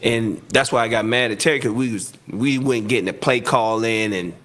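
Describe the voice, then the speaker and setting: A man, a guest telling a lively sports story in casual chat, laughing often and acting out what people said. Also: mid-range voice, a little fast. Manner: animated, acts out quotes, laughs often. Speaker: guest, former NFL receiver.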